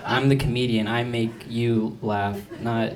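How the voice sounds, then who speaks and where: A man's voice: medium pitch, steady tone, unhurried. A man in his twenties doing a rambling, self-deprecating stand-up set, full of "like" and restarts. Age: 20s. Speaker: stand-up comedian. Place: comedy club stage. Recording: noisy live comedy club. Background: audience laughter.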